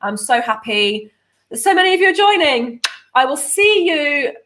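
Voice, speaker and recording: A woman's voice: sits high, sing-song, normal speed, sharp tone. A woman hosting a casual live stream, bubbly and chatty with lots of fillers. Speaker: host of a nutrition membership livestream.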